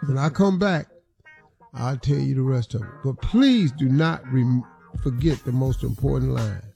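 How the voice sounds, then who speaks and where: A man hosting a talk radio show, telling a story in an animated, emphatic way. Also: medium pitch, moderate pace, gravelly, faint music behind.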